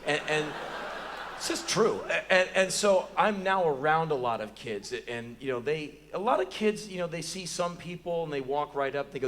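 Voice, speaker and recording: An American man in his forties telling a profane, animated story as live spoken word on a theater stage, bursting into shouts now and then. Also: on the high side, moderate pace, a little hiss or hum. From United States. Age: 40s.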